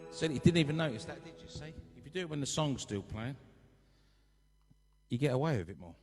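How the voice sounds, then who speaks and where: A man's voice: mid-range voice, animated, brisk, faint music behind. A man chatting casually to his live-stream audience from his sofa at home, rambling and reading viewer comments aloud. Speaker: live-stream host and musician.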